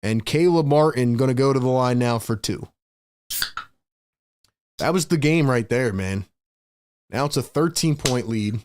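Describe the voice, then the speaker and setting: A man hosting a fan livestream, calling play-by-play in excitable, frustrated, slangy talk. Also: medium pitch, unhurried, pauses often, a little hiss or hum. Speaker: host and play-by-play commentator.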